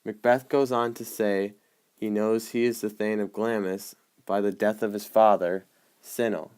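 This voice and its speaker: A man explaining the marks on an annotated play script, in a measured way with frequent hesitant ums. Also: on the low side, little pitch movement, darkish tone, clear, resonant tone. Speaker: student presenter.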